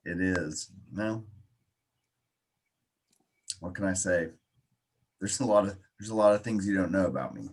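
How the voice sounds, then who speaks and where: A man's voice: sits low, unhurried, long pauses, slightly rough. A man hosting a casual podcast chat, teasing his co-hosts with dry humor. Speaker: podcast host.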